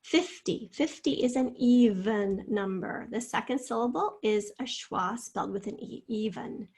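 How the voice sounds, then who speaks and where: A middle-aged woman teaching a spelling lesson, saying each word slowly and then using it in a sentence. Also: a little high, a little mellow, husky. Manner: slow, careful word-by-word dictation with example sentences.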